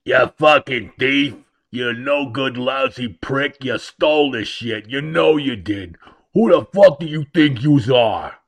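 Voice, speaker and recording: A man's voice: medium pitch, slow. A man acting out a furious, cursing heckler, crude and confrontational. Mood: angry.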